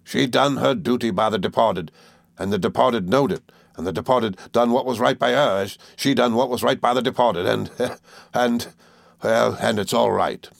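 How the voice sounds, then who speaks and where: A man voicing a hearty, jovial old fisherman with a broad rustic dialect and booming laughs. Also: moderate pace, creaky, dry recording, studio quality.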